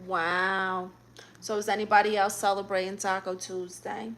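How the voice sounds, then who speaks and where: A woman's voice: medium pitch, little pitch movement, moderate pace, a bit bright, a little hiss or hum. A woman hosting a casual livestream, reading out viewer comments in a playful way with sudden gasps and squeals. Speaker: livestream host.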